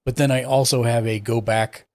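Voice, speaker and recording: A young man talks a guest through software settings in a relaxed, easygoing way. His voice sits at an ordinary middle pitch. He thinks aloud and backtracks as he hunts for a button. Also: moderate pace. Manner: relaxed, explains step by step while clicking around. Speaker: streaming tech support host. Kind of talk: casual live-stream tech walkthrough.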